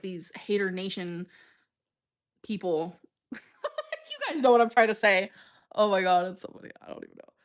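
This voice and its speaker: A woman in her thirties chatting casually on a livestream, reading comments and rambling earnestly, often stumbling over her words. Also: mid-range voice. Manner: emotional and earnest.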